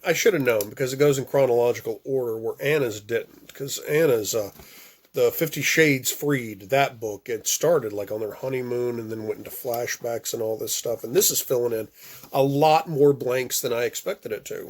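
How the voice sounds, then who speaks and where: A man with a mid-range voice, talking casually to his viewers after a reading. He rambles a little, leaning on fillers like "uh" and "you know". His delivery is relaxed and friendly. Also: medium pitch, normal speed. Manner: chatty, lots of fillers. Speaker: book club channel host. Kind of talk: casual audiobook reading and commentary.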